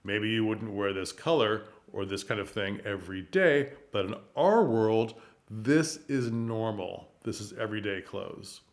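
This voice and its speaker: A man's voice: on the low side, measured pace. A man teaching theatre, explaining commedia style and acting out short lines and gestures as he goes. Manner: animated, acts out lines and gestures. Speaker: theatre director. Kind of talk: casual teaching monologue.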